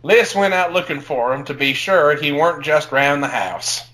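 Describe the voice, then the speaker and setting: A man's voice: on the high side, expressive, moderate pace, bright, forceful tone, rough recording. A man voicing a rustic male farmer reading his own diary in a thick folksy dialect with broken grammar. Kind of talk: comedic dramatic reading.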